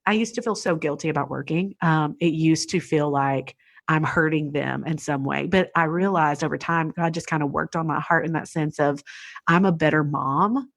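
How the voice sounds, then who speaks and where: A woman in her thirties talks as a podcast guest, her voice sitting a little low for a woman. She tells her stories in a chatty, lively way. The sound is dry and close, with no room around it. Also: normal speed, vocal fry, no echo. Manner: lively, chatty storyteller who acts out what others said. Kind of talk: casual conversational storytelling.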